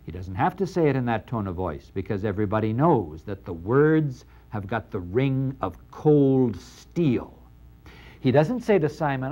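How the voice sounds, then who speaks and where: An older man giving a lecture on scripture, animated and acting out the dialogue in dramatic voices. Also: mid-range voice, unhurried, highs cut off. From Middle East. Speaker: lecturer on the New Testament. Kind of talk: university-style lecture.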